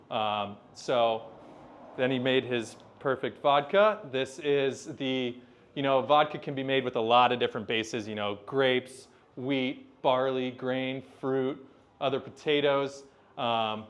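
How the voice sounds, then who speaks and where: A man working as a brand representative, giving a casual seminar presentation in a loose, storytelling way with lots of fillers. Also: mid-range voice. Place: bar or event space.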